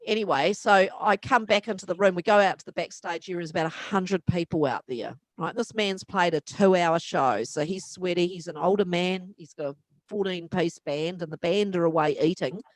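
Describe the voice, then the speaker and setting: A woman with a New Zealand accent, a publicist and musician, telling an animated backstage anecdote as an interview guest. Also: lowish voice, normal speed, dry recording. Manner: animated, acts out voices in her stories. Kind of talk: anecdotal storytelling.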